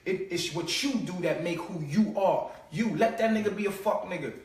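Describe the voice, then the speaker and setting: High-voiced, profane man in an echoey room. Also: normal speed. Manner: streetwise, profane, mocking, swings between low mutters and loud outbursts. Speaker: host. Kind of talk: casual live-stream monologue. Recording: echoey room, far from the mic.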